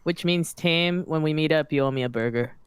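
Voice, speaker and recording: A man chatting excitedly with friends on a live stream call. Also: on the high side, fairly quick, clear, resonant tone, no room sound. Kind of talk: casual group chat on a live stream.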